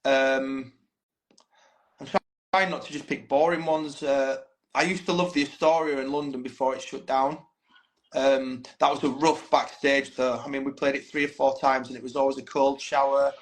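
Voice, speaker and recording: A man's voice: medium pitch, level tone, normal speed, poor audio. A man, a band's frontman, talking candidly and swearing freely as a guest in a casual podcast interview. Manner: chatty, candid storytelling, swears freely, says "mate" a lot.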